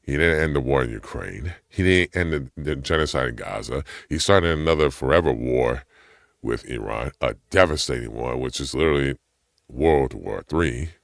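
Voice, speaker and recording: A man's voice: normal speed, no room sound, studio quality. A man delivering a heated, profane personal rant; his voice climbs sharply when he gets indignant. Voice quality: gravelly low voice.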